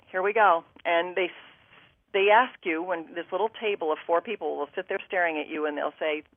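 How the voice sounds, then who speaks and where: A woman's voice: lowish voice, no room sound, phone-quality sound. A woman guest telling a personal story on a talk show, acting out her own thoughts and what others said to her.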